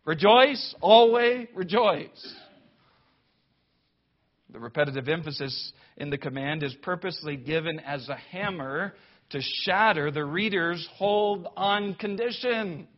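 A man delivers a church sermon with a somewhat high voice, pressing his points with mounting emphasis and a dry, sarcastic edge. The recording is muffled and lo-fi. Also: normal speed. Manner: emphatic, rising to loud declamation when quoting scripture; wry, sarcastic asides. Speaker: preacher. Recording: dull lo-fi sound.

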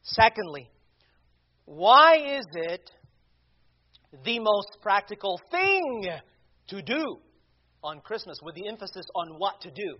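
A man preaching a sermon, deliberate and emphatic, asking rhetorical questions. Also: sits high, sing-song. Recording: dull lo-fi recording.

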